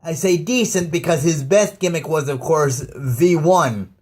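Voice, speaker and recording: A man ranting casually to his viewers about wrestling, halting and stammering with many fillers. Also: on the high side, a little mellow, husky. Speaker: YouTube ranter. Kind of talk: casual rant to camera.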